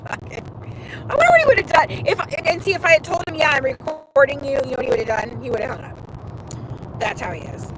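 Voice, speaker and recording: A woman with a high voice hosts a casual livestream while riding along in a car. She tells her story with animation, acting out what other people said and cursing freely. Steady road noise from the car runs behind her. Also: very fast. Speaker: show host. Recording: noisy car interior.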